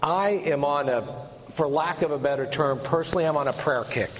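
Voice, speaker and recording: A man's voice: on the high side, brisk, in a large hall, a little hiss or hum, rough recording. A man hosting a church talk, prompting his guest with encouraging questions. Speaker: program host. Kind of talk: talk show conversation.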